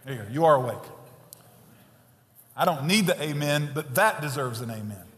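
A man preaching a sermon as pastor, swinging between quiet earnest stretches and loud emphatic passages. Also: on the high side, expressive, normal speed. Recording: long reverb of a large hall.

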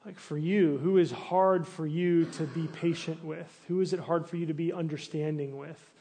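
A man preaching a sermon in a relaxed, conversational way. He asks the listeners searching questions, restarts his phrases now and then, and his voice sits a little high for a man. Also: moderate pace. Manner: restarts and fillers, animated when acting out complaints. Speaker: pastor.

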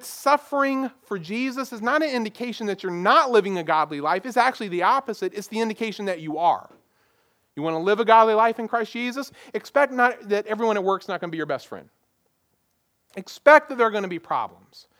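A man's voice: high voice, animated, brisk, a bit bright. A man preaching a sermon as pastor, plain and conversational, leaning on rhetorical questions. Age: adult parent.

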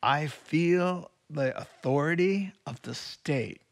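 Gravelly man preaching a sermon. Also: fairly high pitch, slow. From California. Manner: animated preaching, swings between loud and whispered. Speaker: pastor.

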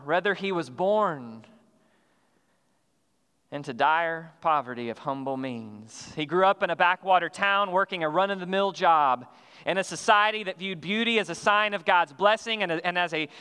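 Man preaching, high voice, smooth and resonant, long church hall reverb, earnest measured delivery. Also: pushed and bright. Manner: earnest, measured preaching with slowed emphatic phrases and some restarts. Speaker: pastor. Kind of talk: sermon. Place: church sanctuary.

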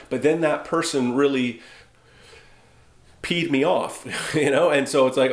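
A man preaching a sermon as pastor, conversational and wry, slowing down for emphasis. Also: mid-range voice, echoey room. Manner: conversational, wry, with dramatic slowdowns. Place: church sanctuary.

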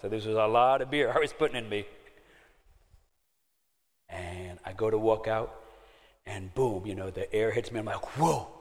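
A middle-aged man telling a personal testimony in a sermon, laughing at himself and then going hushed and prayerful. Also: fairly low pitch, normal speed, long pauses. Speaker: speaker sharing a testimony. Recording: long hall reverb.

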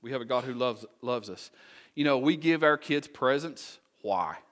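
A male pastor delivers a sermon in an easy, conversational way. He poses rhetorical questions and drops folksy asides, and his voice sits at an ordinary middle pitch for a man. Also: expressive, moderate pace, fairly bright tone.

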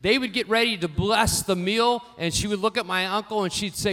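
Man, pastor, sermon, high pitch, ringing bright tone, storytelling. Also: a little fast. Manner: storytelling, varies loudness widely, rising for emphasis.

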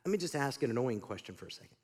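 In a large hall, a middle-aged male pastor preaches conversationally, asking the congregation questions, his animated delivery dropping suddenly to quiet. His voice is medium-pitched, very fast and breathy-edged.

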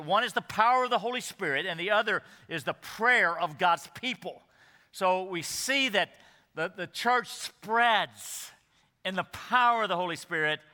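A man preaches from the pulpit, his voice high and bright, almost piercing. He leans on words with deliberate pauses. The sound rings out through a reverberant church hall. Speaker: pastor. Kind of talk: sermon. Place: church sanctuary.

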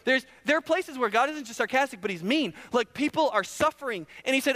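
High-voiced pastor preaching in a reverberant hall. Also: male voice, fairly quick, few pauses. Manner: conversational, animated, asks the audience questions. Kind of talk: sermon. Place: church hall.

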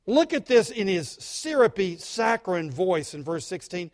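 Male pastor, higher voice, dramatic sermon delivery with sharp emphasis. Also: big pitch swings, normal speed. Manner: emphatic, dramatic, swings between loud stress and quiet asides.

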